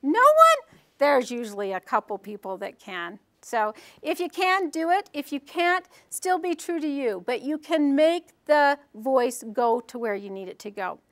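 Animated, high-voiced woman storyteller. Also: unhurried. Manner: animated, theatrical. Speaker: storytelling workshop presenter. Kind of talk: live workshop talk and storytelling.

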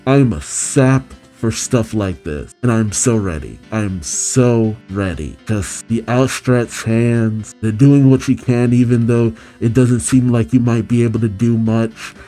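A man's voice: mid-range voice, mellow. A man summarizing a manga chapter, reading the dialogue aloud and reacting with open emotion. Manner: reads character lines aloud, then gushes emotionally.

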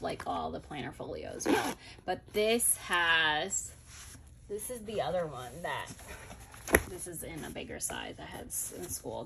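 A planner vlogger shows off her planners in a casual haul chat, gushing over them and thinking aloud as she goes. Her mid-range voice is gravelly, and there's noise in the background.

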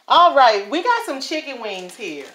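A woman's voice: high voice, big pitch swings, a little slow, a bit bright, slightly rough. A woman chatting through a home cooking vlog in her kitchen, often checking in with viewers. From New Orleans, USA. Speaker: home cook.

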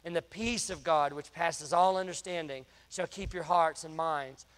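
High-voiced preacher in a church. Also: male voice, moderate pace, a bit bright, smooth, in a large hall. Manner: storytelling, conversational preaching. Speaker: pastor. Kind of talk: sermon. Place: church sanctuary.

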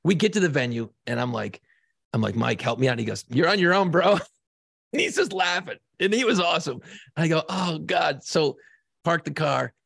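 Gravelly, profane man telling a story. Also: a little high, expressive, normal speed, fairly bright tone, dry recording, studio quality. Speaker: podcast co-host. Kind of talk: casual storytelling.

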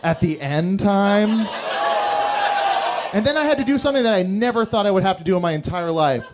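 A man's voice: high voice, expressive, a little fast, heavy background noise. A young man performing a stand-up routine, telling crude, rambling, self-mocking stories. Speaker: stand-up comedian. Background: audience laughter.

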